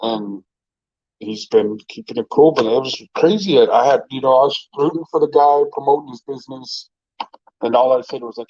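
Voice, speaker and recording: Relaxed, foul-mouthed male vlogger, chatty and rambling, dry and slightly muffled recording. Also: mid-range voice, moderate pace, no room sound. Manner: laid-back, profane, rambling with many fillers. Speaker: restaurant owner and vlogger. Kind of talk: casual storytelling.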